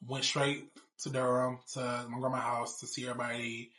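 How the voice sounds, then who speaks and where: A man's voice: mid-range voice, level tone, moderate pace, sharp tone. A man in his thirties telling a personal story in a casual, blunt, rambling way with plenty of swearing. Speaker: show cast member.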